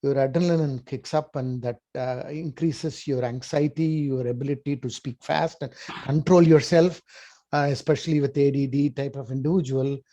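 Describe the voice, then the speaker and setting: A man adding comments in a group training session, speaking haltingly with frequent pauses. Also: mid-range voice, steady tone, mellow. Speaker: meeting participant.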